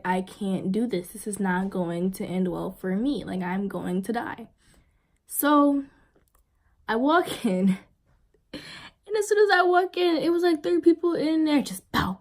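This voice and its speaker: A young woman vlogger telling a story in a casual, rambling way, full of fillers. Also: medium pitch. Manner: rambling, filler-heavy, animated retelling.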